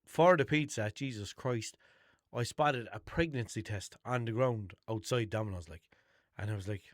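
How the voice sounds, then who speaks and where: A man's voice: on the low side, moderate pace, no room sound, clean studio sound. A young man with a Limerick Irish accent, hosting a podcast and telling rambling, sweary stories in an unscripted monologue. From Ireland. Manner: chatty, swears a lot, rambling storytelling with restarts. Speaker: podcast host.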